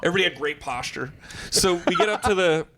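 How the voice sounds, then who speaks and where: A man, a comedian and guest, telling a story in casual conversation, animated and quick to laugh, acting out bits of dialogue. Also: high voice, background noise. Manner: animated, breaks into laughter, acts out lines of dialogue.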